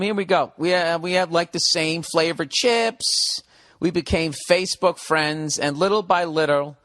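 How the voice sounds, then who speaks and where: Bright, profane comedic rant from a man. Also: a little high, no echo, clean studio sound. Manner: profane, riffing and emphatic. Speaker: podcast host.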